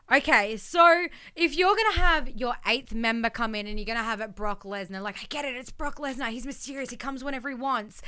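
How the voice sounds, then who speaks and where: High bright-voiced woman ranting. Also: smooth, no echo. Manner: indignant, fast venting with many "like"s. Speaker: podcast co-host. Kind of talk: casual podcast rant.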